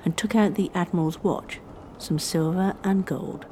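A woman narrating a historical story in a measured, scripted storytelling style. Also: on the low side, fairly even intonation, mellow, a little hiss or hum.

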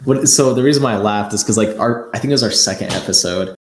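A man's voice: lowish voice, quick pace, echoey room, slight background noise. A man hosting a podcast, upbeat and chatty, often stumbling over restarts and filler words. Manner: enthusiastic, stammers and restarts, many "like"s. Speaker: podcast host. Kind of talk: casual interview talk.

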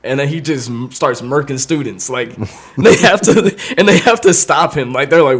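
A man's voice: medium pitch, moderate pace, husky. A young man hosting a podcast, telling a comedic story in a casual way, laughing often and acting out the voices of the people he quotes. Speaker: podcast host.

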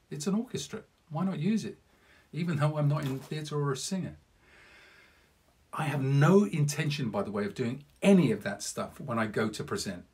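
A man's voice: mid-range voice, darkish tone, breathy edge. A man giving an earnest, encouraging podcast lesson on public speaking as a coach, talking directly to the listener with self-deprecating asides.

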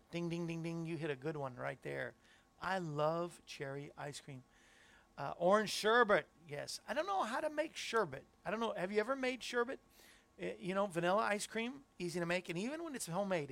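A man's voice: sits high, gravelly, fairly bright tone. A middle-aged man hosting a Christian talk show, chatting casually and rambling as he talks to viewers in the chat. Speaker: host.

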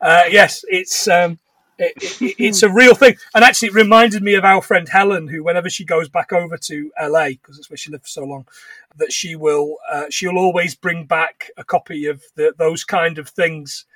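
A man co-hosting a casual podcast chat, giggling as he retells scenes and slips into quick silly voices. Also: fairly high pitch, fairly even intonation, fairly bright tone, dry recording, recorded from a distance. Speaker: podcast co-host.

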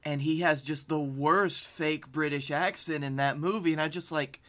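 A man from Alabama co-hosting a comedy podcast, tossing in dry, deadpan asides. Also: on the high side, normal speed. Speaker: podcast co-host. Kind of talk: casual comedic chat.

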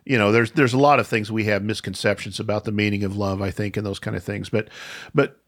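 A man hosting a podcast, teaching the Bible in a conversational way, thinking aloud with restarts and slowing down to stress key points. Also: lowish voice, steady tone. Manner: thoughtful, with frequent restarts and slow emphasis.

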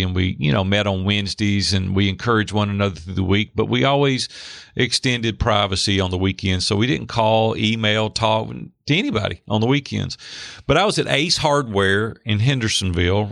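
A middle-aged man telling a personal story in an interview, lively, acting out the voices of the people in it. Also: fairly low pitch, creaky, no echo, clean studio sound. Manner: animated, acts out quoted voices. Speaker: guest. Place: Hendersonville near Nashville.

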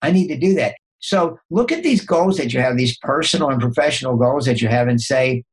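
An older man with a mid-range voice speaks as a podcast guest, telling motivational stories. He shifts his pitch sharply as he acts out his own inner dialogue. He often stumbles, restarts and repeats words. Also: lively intonation, fairly quick, low-quality recording. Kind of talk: motivational storytelling.

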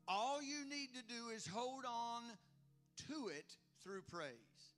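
A male preacher with a very high, bright, forceful voice delivers an animated sermon. He laughs often, acts out the voices he quotes and builds to loud, exclamatory praise, with faint music behind him. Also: takes it slowly.

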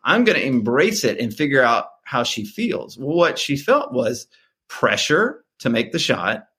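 Animated male podcast guest telling stories. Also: a little slow. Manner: animated, acts out dialogue with sharp pitch jumps. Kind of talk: casual storytelling interview.

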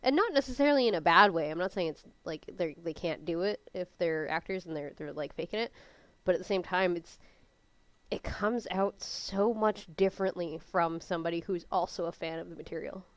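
A young woman in a casual podcast chat, chatty and excitable, talking with lots of fillers. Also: fairly low pitch, fairly quick, no echo. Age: young adult. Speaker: podcast co-host.

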